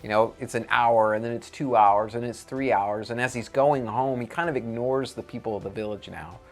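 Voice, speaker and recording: Earnest guy telling a parable, middle pitch, faint music underneath. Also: normal speed. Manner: earnest storytelling with restarts. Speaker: preacher.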